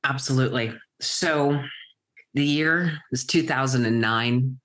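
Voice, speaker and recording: A middle-aged woman, a guest entrepreneur, telling her story in vivid present tense with dramatic pauses. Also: extremely low pitch, a bit bright. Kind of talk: storytelling interview answer.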